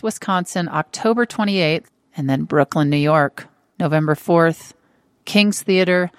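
A middle-aged woman hosting a podcast, talking in a dry, deadpan way. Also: medium pitch. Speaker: podcast host. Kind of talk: casual chat.

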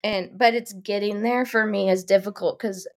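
A woman's voice: mid-range voice, fairly even intonation, moderate pace. Hesitant woman talking about her feelings. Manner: hesitant, many restarts and fillers, soft. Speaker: client in couples session. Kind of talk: casual chat.

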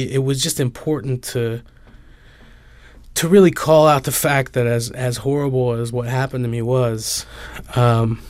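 A man's voice: mid-range voice, dry recording. A man, a book author, answering interview questions thoughtfully with many fillers and restarts.

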